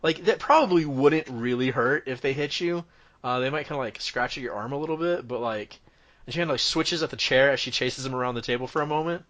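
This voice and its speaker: A man running a tabletop game. His voice sits at an ordinary pitch, and he narrates in a loose, rambling way. He keeps the scene rolling as he improvises. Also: fairly quick, fairly bright tone. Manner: rambling, full of fillers and restarts. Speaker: game master.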